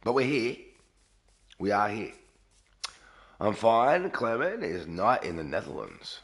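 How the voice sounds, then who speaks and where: A man live-streaming a game early in the morning from a garage, talking quietly and sleepily while reading out chat. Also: on the low side, sing-song, slow. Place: garage with echo.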